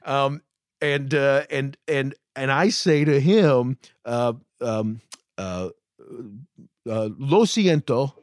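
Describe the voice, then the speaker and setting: A man's voice: mid-range voice, extremely slow, clear, resonant tone, dry recording, studio quality. A man co-hosting a podcast, telling a road story in a casual, self-deprecating way with many restarts. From United States. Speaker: podcast co-host.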